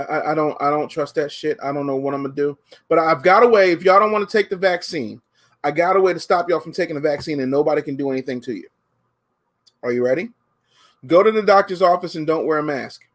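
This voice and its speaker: A man holds forth on a casual comedy podcast. He rants with a lot of profanity and slips into quick put-on voices to act out his stories. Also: high-pitched. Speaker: podcast co-host.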